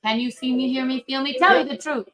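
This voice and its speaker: A woman's voice: high-pitched, fairly quick, fairly bright tone, low-quality recording. A woman hosting a casual livestream while she cooks, chatty and brash, gossiping and swearing freely. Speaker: livestream host.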